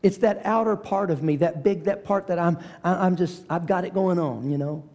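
High-voiced preacher telling a story. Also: male voice, normal speed, darkish tone. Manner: dramatic storytelling, varies pace and volume. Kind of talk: sermon.

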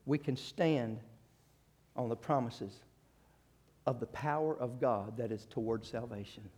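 A man preaching a sermon, retelling a story with acted quotes and frequent restarts, moving from loud rising exhortation to quiet conversational asides. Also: mid-range voice, steady tone, unhurried, breathy edge.

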